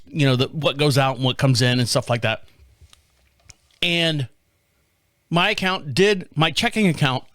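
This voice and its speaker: A man's voice: fairly high pitch, fairly bright tone, smooth, no echo, clean studio sound. A man hosting a podcast, ranting profanely and exasperatedly about a bank fee, acting out both sides of a call. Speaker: podcast host. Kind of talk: casual storytelling rant.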